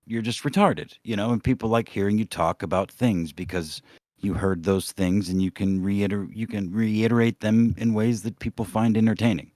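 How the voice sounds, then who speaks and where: A man hosting a casual podcast, his lowish voice rambling through sarcastic, profane chat. The sound is dry and close. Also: steady tone, moderate pace, a little mellow, dry recording. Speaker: podcast host.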